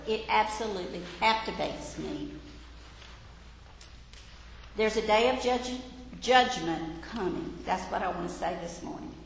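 A woman's voice: mid-range voice, creaky, a little hiss or hum. A woman gives a Bible lesson in an earnest, exhorting, conversational way, as a Sunday school teacher. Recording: echoey hall with room reverb.

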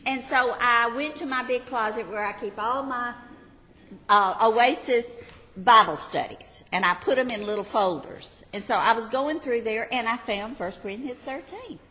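A woman's voice: a little high, normal speed, pushed and bright, long reverb tail. An older woman, teaching a Sunday school Bible class in a chatty, self-deprecating, homey way.

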